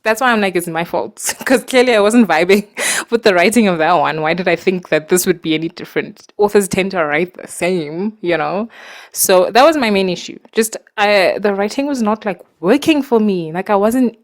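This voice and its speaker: A woman talking casually about books to her viewers, animated and exasperated, with lots of fillers and laughs, recorded in a dark room at night. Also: mid-range voice, moderate pace. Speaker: booktuber. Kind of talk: casual ranting book review.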